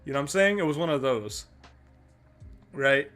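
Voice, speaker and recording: A man's voice: on the high side, expressive, moderate pace, fairly bright tone, faint music behind. A man with a Canadian accent hosting a podcast, telling a travel story in a rambling way with many restarts and fillers. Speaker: podcast host.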